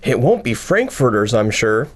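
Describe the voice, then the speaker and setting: A man's voice: medium pitch, big pitch swings, moderate pace. A man voicing an eager, chatty young boy who keeps talking about food, for a storybook reading.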